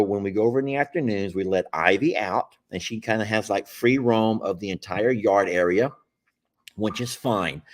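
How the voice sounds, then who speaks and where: A middle-aged man with a drawl hosts his live stream. He talks in a folksy, meandering way and chuckles often. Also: medium pitch. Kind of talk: casual live-stream chat.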